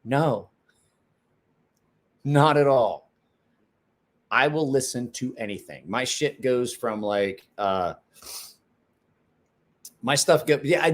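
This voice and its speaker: Rambling, casual man livestreaming. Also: mid-range voice. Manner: rambling, self-interrupting, swears casually. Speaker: livestream host.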